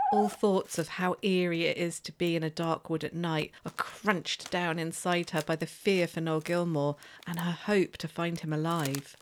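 A woman with a fairly low voice tells a scripted story at a measured, atmospheric pace. A clear music bed runs beneath her narration throughout. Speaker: podcast narrator.

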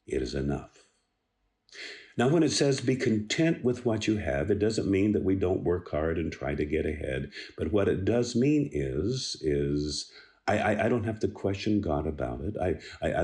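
A man giving an earnest devotional talk on a Bible passage, unhurried and repeating words as he starts his phrases. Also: deep voice, a little mellow. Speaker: radio devotional speaker.

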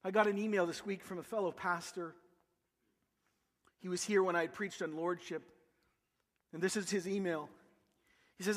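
Canadian male pastor, high pitched, passionate sermon delivery, echoing sanctuary. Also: normal speed, a bit bright. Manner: impassioned, builds with repeated rhetorical questions. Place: church sanctuary.

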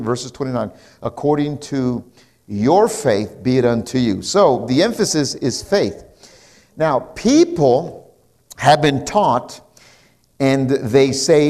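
A man's voice: mid-range voice, a little mellow. A male pastor preaching a sermon in a church, reading scripture aloud and punctuating his points with amens and hallelujahs.

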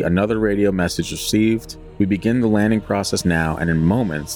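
A man co-hosting a casual podcast, reading a flight log aloud in a deadpan voice and joking between passages. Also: low-pitched.

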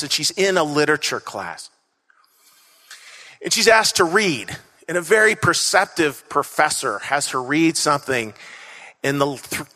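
A pastor with a fairly high, sharp-toned voice delivers an earnest sermon to a congregation from a church stage, the hall echoing around him. He repeats his main phrases and draws the audience into call-and-response.

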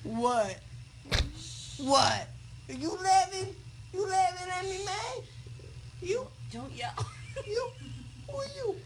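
Man in a played clip: woozy post-surgery guy, belligerent and slurred, very high, noisy phone playback. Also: animated, slow pace, long pauses, full character voice. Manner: slurred, rambling, drifting into a put-on tough accent.

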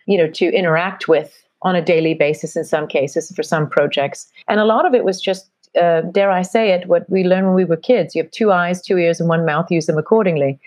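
A woman's voice: on the low side, a little mellow, no echo. A middle-aged woman guest with a mix of British and American accent, telling stories in a rambling, reflective way during an interview. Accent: mixed British and American. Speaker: guest, marketing strategist. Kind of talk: conversational interview.

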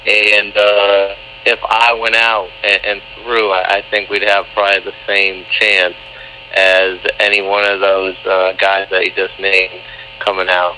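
A man calling in as a guest on a sports podcast, speaking in a hesitant, halting way with lots of fillers, over a breaking-up cell phone line. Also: deep voice, monotone, bright, forceful tone, a little hiss or hum. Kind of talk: casual phone-in interview. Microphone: cell phone call.

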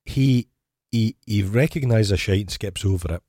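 A man's voice: on the low side, normal speed, mellow, no echo, studio quality. A Scottish man co-hosting a casual film review podcast, joking and swearing as he talks. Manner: jokey, swears freely, acts out quotes. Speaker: podcast co-host.

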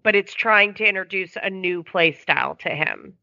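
A woman's voice: fairly low pitch, lively intonation, normal speed, creaky, bright, forceful tone, no echo. A woman dog owner calling in and explaining her dog's problems at length in casual chat. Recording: dry, dull lo-fi sound.

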